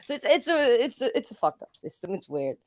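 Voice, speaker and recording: A woman's voice: a little high, sing-song, a little fast, a little mellow, no room sound. A Dutch woman, a native Dutch speaker, chatting casually on a livestream panel with lots of fillers, restarts and laughter. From Netherlands. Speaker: panel guest.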